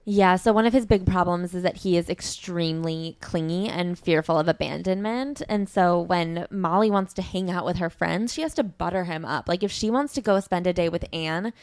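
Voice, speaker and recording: Gravelly-voiced woman co-host. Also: lowish voice, moderate pace, hardly any pauses, darkish tone, no room sound. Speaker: podcast co-host. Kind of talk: casual book discussion.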